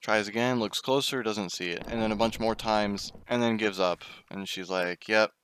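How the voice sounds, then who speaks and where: Low-voiced young man telling a gaming story. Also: normal speed, a bit bright, a little hiss or hum. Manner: chatty, swears, breaks off to react to the game. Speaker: gaming YouTuber. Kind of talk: casual storytime while gaming.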